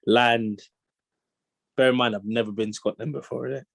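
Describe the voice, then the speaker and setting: A young man telling a story as an interview guest, animated and full of slang, acting out the lines of the people in it. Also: mid-range voice, normal speed, vocal fry, dry recording. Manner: animated slang-heavy storytelling, acts out quotes. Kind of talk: casual storytelling chat.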